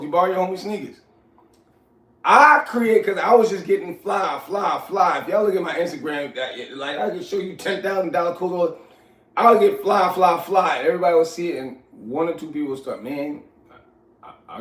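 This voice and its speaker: A man, telling stories from his youth in casual, animated talk, often asking "you know what I'm saying". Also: high-pitched. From New York. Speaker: host. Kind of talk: casual storytelling. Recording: echoey room, far from mic.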